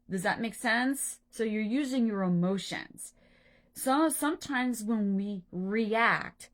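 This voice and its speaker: A woman in a mid-range voice talks slowly and deliberately as an anxiety coach. She explains things informally, keeps checking in with her listener with "right?" and "okay?", and stops now and then to find the right word. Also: mid-range voice. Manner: unhurried, searching for words. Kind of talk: informal teaching talk.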